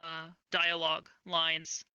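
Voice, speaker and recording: A woman's voice: sits low, monotone, slow pace, sharp tone, smooth, no room sound, dull audio. A young woman speaking as an interview guest in casual chat, earnest and enthusiastic, on an online voice call.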